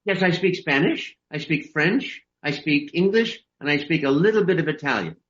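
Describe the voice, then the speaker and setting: A man's voice: on the high side, lively intonation, normal speed, fairly bright tone. A man, a voice actor guest, chatting enthusiastically and expressively in an interview over a video call. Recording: dull lo-fi video call audio.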